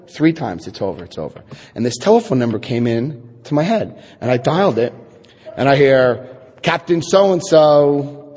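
A middle-aged man giving a personal testimony talk to an audience, an animated storyteller who acts out quotes and adds wry asides. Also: mid-range voice, husky. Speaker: speaker telling his recovery story. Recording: echoey hall.

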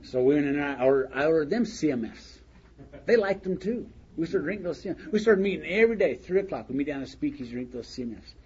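A man's voice: on the high side, lively intonation, fast talker, darkish tone, husky. An older man sharing a humorous story of his own at a recovery meeting, in a folksy manner and laughing along with his own words. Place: meeting hall. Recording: dull lo-fi recording with faint hiss.

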